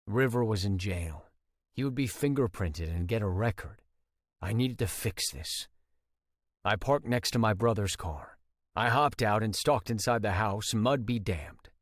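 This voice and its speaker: A man narrating a first-person romance audiobook in an expressive, dramatic storytelling manner. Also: lowish voice, measured pace, dry recording, clean studio sound.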